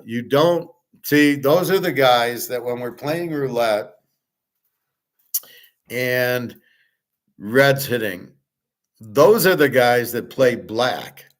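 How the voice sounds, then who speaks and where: Excitable rambling man talking bets. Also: mid-range voice, takes it slowly, pauses often. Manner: rambling, excitable, profane, full of restarts. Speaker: sports betting show host. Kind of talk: excited casual betting talk.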